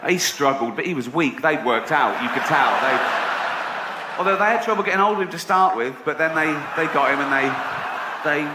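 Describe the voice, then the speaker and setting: A man's voice: on the high side, brisk. A man doing a stand-up comedy set, telling stories in a sardonic, mock-indignant way. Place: theatre stage before a laughing audience. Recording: roomy hall with audience noise.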